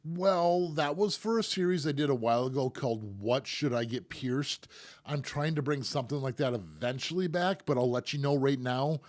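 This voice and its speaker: A man's voice: medium pitch, moderate pace, darkish tone. A middle-aged man, a professional piercer, hosting a live stream and answering viewer questions in a friendly, rambling way. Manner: friendly, rambling advice with repeated words. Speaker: professional piercer and show host.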